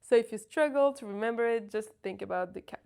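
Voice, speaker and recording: A woman teaching pronunciation, sounding out words slowly and carefully to demonstrate each sound. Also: on the high side, gravelly, a little mellow, smooth. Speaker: French teacher. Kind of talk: pronunciation lesson.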